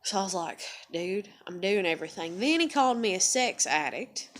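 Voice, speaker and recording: A young woman talks straight into her camera in a loose, confessional ramble. She leans on fillers and curses freely, and her voice sits at an ordinary middle pitch. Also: animated, normal speed, slight background noise. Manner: rambling, candid, swears freely, many fillers. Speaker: vlogger. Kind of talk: confessional vlog monologue.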